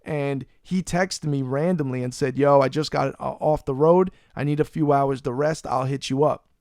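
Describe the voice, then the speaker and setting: A man hosting a podcast, telling a long story in a loose, animated, profane way. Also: medium pitch, moderate pace, dry recording, clean studio sound. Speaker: podcast host. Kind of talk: casual storytelling chat. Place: Florida.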